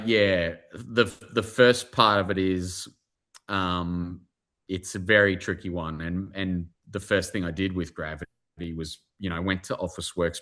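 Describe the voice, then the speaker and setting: Aussie author guy on a video call, lowish voice, gushing, lots of restarts. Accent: Australian. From Australia. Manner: animated, effusive, lots of restarts and fillers. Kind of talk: enthusiastic live online interview.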